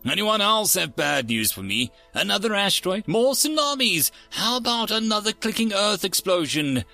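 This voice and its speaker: A man's voice: high voice, very animated, moderate pace, creaky, sharp tone, faint music behind, voice pushed up, heavily acted. A man voicing an irritable alien ruler who barks demands at his staff. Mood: bitter. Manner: snapping, demanding. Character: lordly alien ruler, irritable, swells when threatened.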